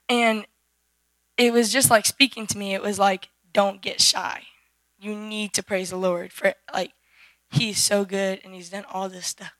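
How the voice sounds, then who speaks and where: Hoarse teenage girl rambling through testimony. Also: mid-range voice, normal speed, a bit bright, no room sound. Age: teens. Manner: rambling, filler-heavy, many restarts. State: hoarse, voice worn out. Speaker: youth group member giving testimony. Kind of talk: personal church testimony. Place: church service. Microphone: handheld microphone.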